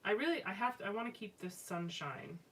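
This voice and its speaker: A woman's voice: mid-range voice, lively intonation, a little fast, fairly bright tone. Chatty woman, mic a bit distant. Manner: chatty and rambling, with many fillers and restarts. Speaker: live-stream craft host. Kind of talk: casual chat while scrapbooking live. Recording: slightly distant mic with faint background noise.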